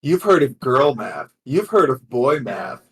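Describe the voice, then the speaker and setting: A man's voice: medium pitch, very animated, unhurried, a bit bright, a little hiss or hum. A man playing in a tabletop game, speaking in a laid-back, hesitant way. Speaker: player. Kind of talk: casual in-character chat.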